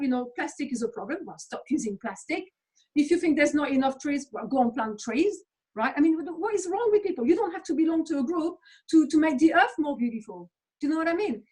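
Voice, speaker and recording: A woman's voice: sits high, darkish tone, poor audio. A woman from England, speaking as an interview guest in a blunt, sweary, emphatic rant. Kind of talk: casual conversational rant.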